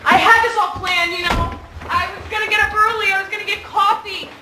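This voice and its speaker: An actress playing a wisecracking young mother in a sitcom, trading quick sarcastic banter. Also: very high voice, fairly even intonation. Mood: exasperated. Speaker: TV comedy character. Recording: noisy clip played from a screen.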